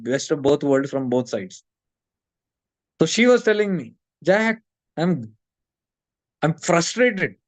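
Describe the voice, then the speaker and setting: A man's voice: mid-range voice, no echo. A man giving a casual spiritual talk, telling stories and acting out the people in them. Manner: storytelling, acting out quoted friends, mixing Hindi into English. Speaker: spiritual teacher. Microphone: streamed call audio.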